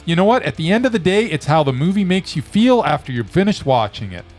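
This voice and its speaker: Middle-pitched guy on a movie podcast, rambly and playful, voice goes up and down a lot, faint music behind. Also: big pitch swings, fast talker, a little mellow. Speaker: podcast co-host. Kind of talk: casual movie-review banter.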